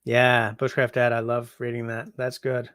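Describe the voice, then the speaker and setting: A man's voice: medium pitch, completely flat delivery, normal speed, fairly bright tone, clear, resonant tone, no echo, studio quality. A tired Canadian man in his forties hosting a casual livestream, rambling through chat messages with lots of ums. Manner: rambling, chatty, yawning, frequent ums. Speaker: livestream host reading chat.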